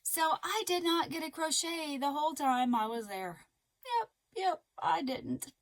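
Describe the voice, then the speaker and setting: A woman chatting casually in a crochet vlog, rambling and excitable with lots of fillers. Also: high voice, measured pace, rough recording. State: a little out of breath. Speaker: crochet vlogger.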